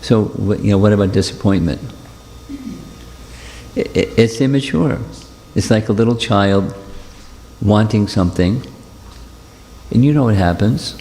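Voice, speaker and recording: A low, gravelly man teaches at a devotional gathering, circling back over his points in a gentle, reassuring way. His mellow voice rings with the long reverb of a big hall. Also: measured pace, pauses often, a little hiss or hum. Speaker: spiritual teacher. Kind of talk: devotional talk with questions.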